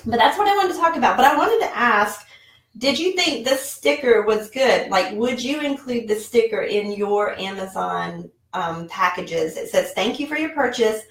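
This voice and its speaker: A woman's voice: medium pitch, normal speed, recorded from a distance. A woman in her forties chatting casually in a vlog from her home office, rambling with many fillers. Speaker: online seller and vlogger. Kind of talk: casual talking-head vlog. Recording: roomy echo, mic set back.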